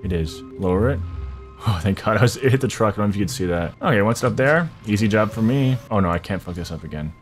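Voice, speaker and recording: A man giving casual, excitable gameplay commentary, swearing a lot and breaking into loud frustrated outbursts. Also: fairly low pitch, fast, faint music behind. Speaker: gaming video creator.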